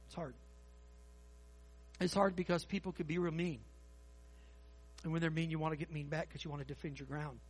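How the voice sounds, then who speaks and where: Husky, high-voiced preacher man. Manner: folksy, animated preaching with quick asides. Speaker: pastor. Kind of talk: sermon. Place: church sanctuary.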